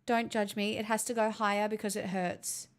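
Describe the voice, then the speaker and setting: A woman's voice: mid-range voice, flat delivery, normal speed. A young woman live streaming on a headset mic, chatting to her viewers in a giggly, rambling, self-mocking way. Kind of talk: casual chat with stream viewers.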